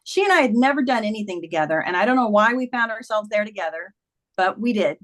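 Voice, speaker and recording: A woman's voice: mid-range voice, expressive, quick pace, fairly bright tone. A middle-aged woman, a memoir author, earnestly recounting a personal story in conversation, acting out quoted dialogue.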